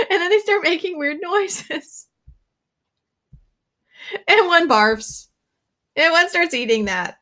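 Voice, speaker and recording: A woman's voice: extremely high pitch, lively intonation, takes it slowly, long pauses, sharp tone. A woman teacher giving a casual classroom lecture, chatty and laughing often as she reads comics aloud.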